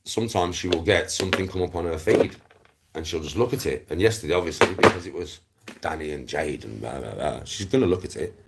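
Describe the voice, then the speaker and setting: A man's voice: sits low, lively intonation, a little fast, vocal fry, heavy background noise. A man from Smethwick with a Black Country accent, hosting his own channel and ranting to viewers in a blunt, sweary way that repeats itself, with laughs breaking in. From Smethwick, England. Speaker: YouTube channel host. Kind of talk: casual rant to viewers.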